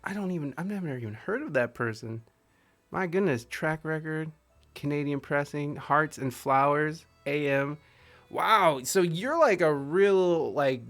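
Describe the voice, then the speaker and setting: A man's voice: on the high side, fairly bright tone. A man hosting a music podcast interview, chatting in a rambling, self-deprecating way and laughing often. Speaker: podcast host. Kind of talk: casual interview chat. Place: home studio streaming with a live chat.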